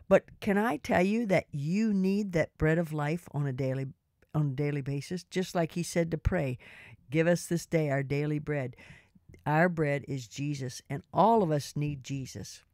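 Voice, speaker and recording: A woman's voice: deep voice, darkish tone, no room sound, studio quality. An older woman giving an earnest, personal devotional talk to women listeners and reading scripture aloud. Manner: earnest and personal, quotes scripture in King James wording. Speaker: devotional speaker.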